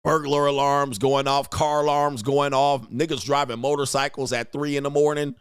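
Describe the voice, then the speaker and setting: A man's voice: medium pitch, flat delivery, normal speed, clear, resonant tone, no room sound, studio quality. Profane, laughing male livestream host. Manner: profane, laughing rants with mocking asides. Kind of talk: casual livestream commentary reading superchats.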